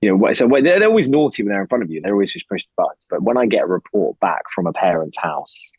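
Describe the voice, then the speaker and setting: A man's voice: low voice, sing-song, fast, hardly any pauses, darkish tone, slightly rough, no echo, rough recording. A man in his thirties talking casually and energetically as a podcast guest, rambling and swearing now and then. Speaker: podcast guest, investor and founder. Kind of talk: casual conversation.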